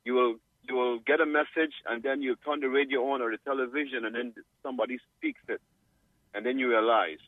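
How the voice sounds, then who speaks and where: A man's voice: medium pitch, fairly even intonation, a little fast, no room sound. Earnest male caller on a tinny phone line. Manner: earnest, searching for words with fillers. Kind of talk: phone-in comment.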